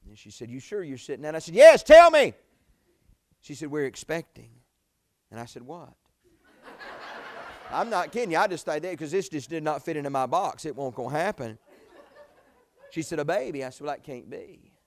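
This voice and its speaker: A man, preaching a sermon in a folksy storytelling way, jumping from loud exclamations to quiet asides. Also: on the high side, expressive, fast. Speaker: pastor.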